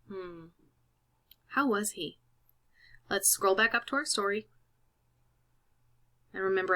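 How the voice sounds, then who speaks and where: A woman's voice: mid-range voice, sharp tone. A woman teaching a Spanish lesson over a screen recording, patient and explaining each step.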